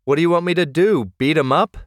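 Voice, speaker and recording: A male narrator voicing a steady, earnest teenage boy leader in an audiobook. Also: fairly high pitch, fast, dry recording, studio quality, voice pushed up, close to an everyday voice.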